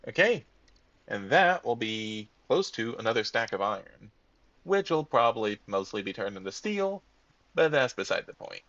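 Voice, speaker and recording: A man's voice: mid-range voice, very animated, moderate pace, fairly bright tone, no room sound, dull audio. A man casually commenting on his gameplay, thinking aloud and muttering to himself as he plays. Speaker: let's-play gamer.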